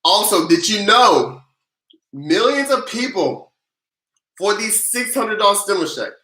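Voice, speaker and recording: An energetic livestream host who recaps tax and stimulus news, greets viewers by name and leads playful chants and countdowns in casual slang. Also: mid-range voice, measured pace, reverberant, rough recording.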